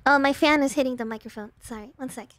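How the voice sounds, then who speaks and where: A woman's voice: high-pitched, fast, fairly bright tone, no room sound. A woman streaming a game in a casual, playful way, chatting with her viewers and breaking into dramatic exclamations. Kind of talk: casual gaming livestream.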